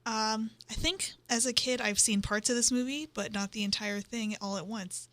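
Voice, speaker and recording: A woman co-hosting a casual movie-review podcast, relaxed and musing. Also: on the high side, moderate pace. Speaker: podcast co-host.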